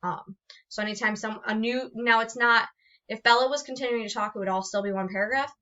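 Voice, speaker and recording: A woman teacher walks through grammar rules in a recorded lesson, patient and explanatory, often pausing and restarting mid-sentence. Her voice is bright and forward. The recording is dull and lo-fi. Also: fairly high pitch, fairly even intonation. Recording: dull lo-fi sound.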